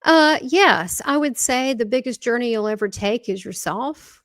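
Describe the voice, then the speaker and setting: Animated woman in a dry recording. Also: on the high side, moderate pace, no echo. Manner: animated, breaks off and restarts sentences. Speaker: guest, spiritual medium. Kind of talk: casual interview chat.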